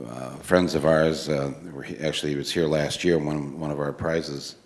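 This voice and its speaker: A man moderating a panel, talking casually with lots of halting fillers. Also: extremely low pitch, fairly even intonation.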